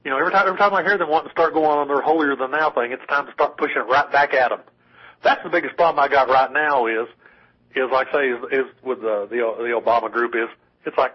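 A man's voice: medium pitch, quick pace, husky. A man co-hosting a casual political talk radio show, rambling with many restarts and wry asides. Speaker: call-in co-host. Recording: dull lo-fi radio broadcast.

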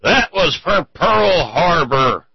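A man doing a gruff, belligerent old drinker. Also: a little high, sing-song, slow, dry recording, lo-fi sound, pitched above the performer's own voice, heavily acted. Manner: gruff and shouting.

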